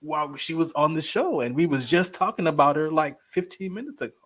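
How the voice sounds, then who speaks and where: A man in his thirties chatting casually as a guest co-host, telling stories with lively acted-out quotes. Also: fairly high pitch, fairly quick. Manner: animated storyteller, acts out quoted voices. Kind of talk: casual chat.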